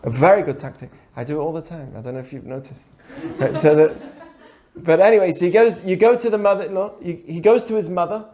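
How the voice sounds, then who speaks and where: A man's voice: sits high, brisk, dark tone. A man teaching a conversational ethics lesson, asking rhetorical questions and acting out quoted dialogue. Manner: acts out dialogue in quoted voices; asks the audience rhetorical questions. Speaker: Torah teacher.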